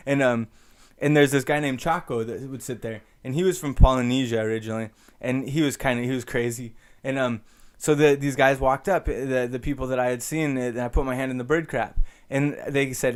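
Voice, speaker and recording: A man's voice: mid-range voice, fairly even intonation, a little fast, smooth. A young man casually telling a personal story, rambling with lots of fillers and restarts.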